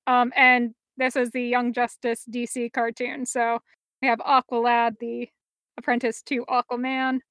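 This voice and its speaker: A woman's voice: fairly high pitch, monotone, measured pace, fairly bright tone, clear, resonant tone, dry recording, studio quality. A young woman reading fan fiction aloud to friends in a giggly, easygoing way. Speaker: fan audiobook reader.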